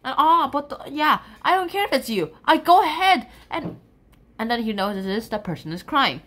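A woman casually explaining a poem in an animated, chatty way, with stumbles and restarts. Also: high-pitched, normal speed. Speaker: sonnet explainer. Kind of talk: casual explanation mixed with poetry recitation.

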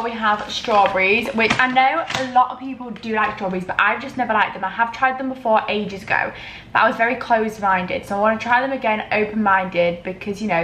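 A woman's voice: medium pitch, fairly bright tone, roomy sound, a little hiss or hum. A young woman vlogging in a casual, chatty way, a bit dramatic, talking to camera in her bedroom.

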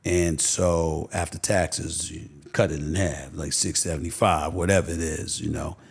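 Gravelly deep-voiced New man. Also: fairly even intonation, a little slow. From Queens, New York. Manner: emphatic, repeats phrases for stress. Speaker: guest. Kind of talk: candid personal storytelling.

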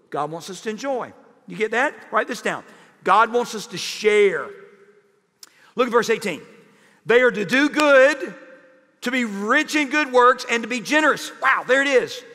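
Animated high-voiced pastor preaching. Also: male voice, vocal fry, long reverb tail. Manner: animated, jokey preaching with sudden loud bursts. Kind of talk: sermon. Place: church sanctuary.

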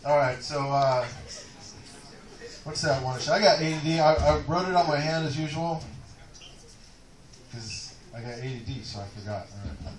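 A man's voice: on the high side, normal speed, pauses often. A man doing a rambling, profane stand-up set in a comedy club. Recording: echoey club, taped from far off.

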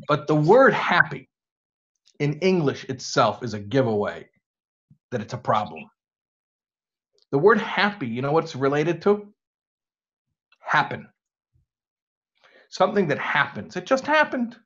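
A rabbi with an American accent gives a conversational lecture to students, drawing them in with rhetorical questions, in a slightly muffled recording. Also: male voice, medium pitch, a bit bright. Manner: engaging, asks rhetorical questions.

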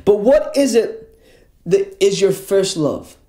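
Preacher, earnest sermon delivery, mellow tone, recorded in a roomy church. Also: mid-range voice, expressive, slow. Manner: earnest, repeats words when stressing a point. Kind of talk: evangelical sermon.

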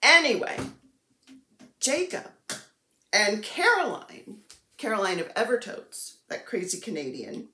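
A woman's voice: mid-range voice, very animated, measured pace, long pauses, bright, forceful tone, a little hiss or hum. Chatty woman in an echoey room. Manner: chatty, self-deprecating, gushing over crafts. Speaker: cross-stitch vlogger. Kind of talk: casual chatty show-and-tell.

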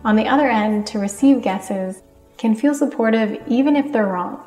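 A woman giving a calm, scripted lesson on communicating, now and then acting out short example phrases. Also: a little high, normal speed. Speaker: teacher of communication skills. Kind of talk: scripted explanatory narration. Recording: echoey room with faint music behind.

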